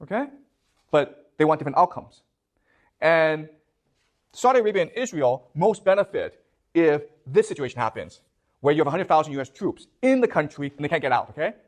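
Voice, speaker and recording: Guy lecturing a class, voice jumps all over, a bit high, keeps going okay? you get it?. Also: big pitch swings, brisk. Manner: poses questions to the students.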